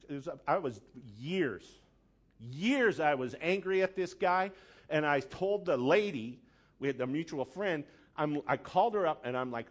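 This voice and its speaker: Animated, lively-voiced male preacher. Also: fairly high pitch, unhurried. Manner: animated, dramatic storyteller who acts out his own angry outbursts. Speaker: pastor. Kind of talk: sermon with storytelling.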